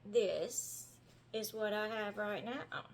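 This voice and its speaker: A middle-aged woman with a Southern American drawl talks her viewers through a baking recipe. She is chatty and homey, with a folksy warmth in how she phrases things. She is recorded in a home kitchen. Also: mid-range voice, slow. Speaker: home-cooking vlogger. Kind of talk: casual cooking demonstration.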